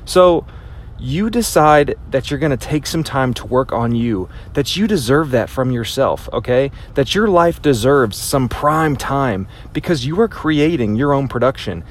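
A man's voice: medium pitch, lively intonation, unhurried. Emphatic man giving a motivational talk. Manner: emphatic, repeats phrases for impact, acts out inner voices. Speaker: motivational speaker. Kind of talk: motivational speech.

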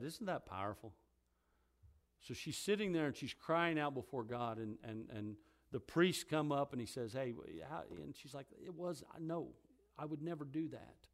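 A man preaching a sermon. He reads scripture quietly and in a lower voice, then grows loud and high as he preaches on it. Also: lively intonation, normal speed.

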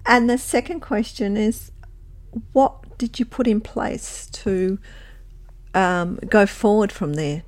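A woman host asking measured, soft-spoken interview questions. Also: medium pitch, no echo.

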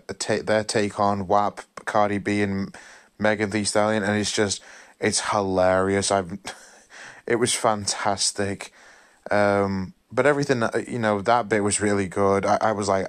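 A weary man talks through a film review in a loose, rambling way, often apologizing and trailing off. His voice sits fairly low, and he sounds worn out from a long weekend. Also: smooth. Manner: rambling, apologetic, full of fillers and restarts. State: tired, yawning. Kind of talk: casual spoken film review.

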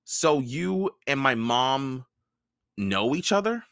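A man's voice: medium pitch, sing-song, slow pace, vocal fry, a bit bright, smooth, dry recording, studio quality, pitched above the performer's own voice, full character voice. A man voicing a confused teenage boy who keeps firing off incredulous questions. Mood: bewildered.

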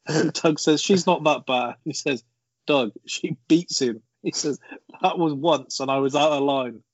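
A man's voice: a little high, unhurried, no echo, lo-fi sound. A man co-hosting a casual film podcast, laughing as he quotes movie lines. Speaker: podcast co-host.

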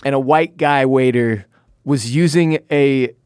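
A man's voice: mid-range voice, unhurried, darkish tone, clear, resonant tone, no echo. Joking man co-hosting a podcast, dry mic. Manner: joking, playful banter. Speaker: podcast co-host. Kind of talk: casual chat.

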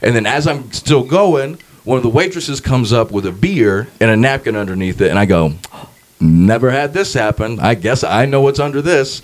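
A man's voice: medium pitch, brisk, few pauses. A man, a stand-up comedian, telling a story in a casual podcast chat, swearing freely and acting out the people in it. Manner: animated, swearing, acts out quoted voices.

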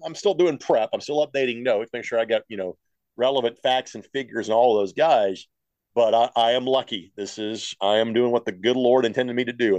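Matter-of-fact broadcaster, dry close sound. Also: male voice, mid-range voice, no echo, poor audio. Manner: talks at length, steady and matter-of-fact, acts out what he told callers. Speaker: play-by-play broadcaster, guest. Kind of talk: interview, telling stories.

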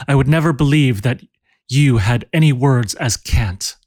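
A male narrator voicing a quick-witted young woman who speaks urgently and imperiously. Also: medium pitch, a little mellow, no room sound, clean studio sound, natural voice.

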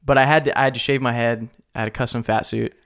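A man's voice: medium pitch, steady tone, quick pace, vocal fry, fairly bright tone. A man in his twenties, a podcast guest, telling a story in a laid-back, slangy way, with lots of "like" and "dude". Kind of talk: casual storytelling.

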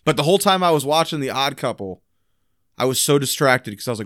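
A man co-hosting a podcast in casual chat, loose and profane, acting out scenes in quick voices. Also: mid-range voice, expressive, fairly bright tone, no room sound, studio quality. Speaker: podcast co-host. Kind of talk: casual chat about old sitcoms.

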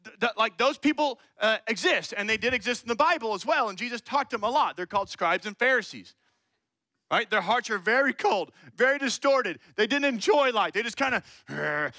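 A man's voice: high-pitched, animated, a little fast, bright, forceful tone, no room sound. A man preaching a conversational sermon, playfully acting out little scenes and voices. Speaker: pastor.

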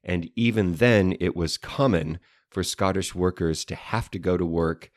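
A man with a very low voice co-hosts a relaxed podcast alongside his wife. He is dry and playful, and likes to explain history with fancy words. He is recorded close up in a dead, dry room. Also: measured pace, no room sound. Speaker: podcast co-host. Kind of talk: casual banter with wife.

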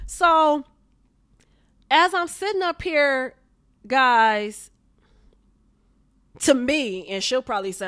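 High-voiced woman venting, heated and profane. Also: expressive, takes it slowly, pauses often, pushed and bright, no echo. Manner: heated, profane, repeats herself. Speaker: vlogger. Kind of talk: casual venting to viewers.

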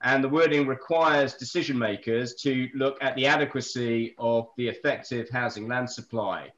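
A man on a planning discussion panel, talking through appeal decisions in a dry, joking but brisk factual way. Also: medium pitch, a bit bright, lo-fi sound. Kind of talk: casual expert discussion.

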